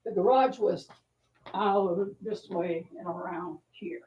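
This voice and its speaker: A woman author telling an animated anecdote to a live bookstore audience, acting out the voices of the people in her story. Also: on the low side, slow, lo-fi sound, a little hiss or hum. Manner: acts out the voices in her anecdote, lively and self-deprecating. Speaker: author at a book talk. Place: bookstore event room.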